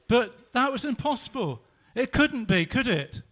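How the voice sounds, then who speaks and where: A male pastor giving an animated storytelling sermon. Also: very high voice.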